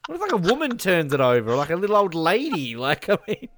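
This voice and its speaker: A man's voice: high voice, huge pitch swings, fast, few pauses, a bit bright, no room sound. A man co-hosting a casual film commentary podcast, joking around and laughing often. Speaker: podcast co-host.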